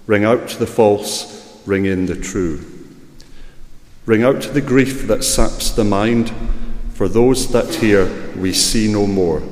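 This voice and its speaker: A man recites poetry solemnly and deliberately, his voice sitting somewhat low. He takes it very slowly, and his words ring out in an echoey space with a long reverb tail. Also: darkish tone. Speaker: poetry reader. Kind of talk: poetry reading.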